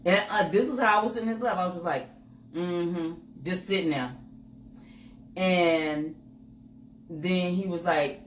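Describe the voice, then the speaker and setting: A woman co-hosting a candid couple's chat with her husband, telling personal stories with lively acted-out inner dialogue. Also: lowish voice, measured pace, pauses often. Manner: animated storytelling, acts out her own inner voice. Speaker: co-host. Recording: roomy with faint noise.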